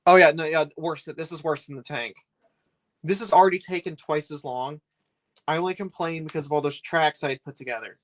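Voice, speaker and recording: A man's voice: on the high side, fairly even intonation, brisk. A man streaming live while he builds a set, rambling and chatty, complaining with a laugh.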